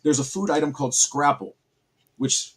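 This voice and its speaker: A man with a husky, slightly breathy voice chats casually as a stream caster. He tells stories in a playful, animated way. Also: a little high, normal speed. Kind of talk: casual chat.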